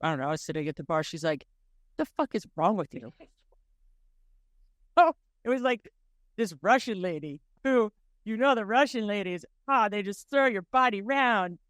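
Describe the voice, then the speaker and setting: A woman, co-hosting a casual podcast and telling anecdotes quickly and with laughter. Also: mid-range voice, lively intonation, no room sound, studio quality. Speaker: podcast co-host. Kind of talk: casual chat.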